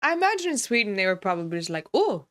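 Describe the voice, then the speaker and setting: A woman's voice: mid-range voice, big pitch swings, rapid-fire, sharp tone. A woman streamer reacting to a documentary, making sarcastic jokes and asides in a casual chat style. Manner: sarcastic, joking asides with laughs.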